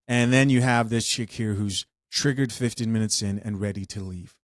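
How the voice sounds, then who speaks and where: A man's voice: medium pitch, normal speed, hardly any pauses, dry recording, clean studio sound. A man hosting a reaction show who talks viewers through clips in a conversational way. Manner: conversational, addresses viewers directly. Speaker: commentary host.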